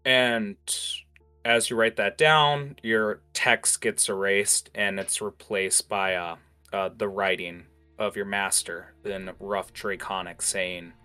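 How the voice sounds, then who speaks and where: A man's voice: fairly low pitch, steady tone, takes it slowly, sharp tone, smooth, soft background music. A man narrating a tabletop game as game master, talking casually with many fillers.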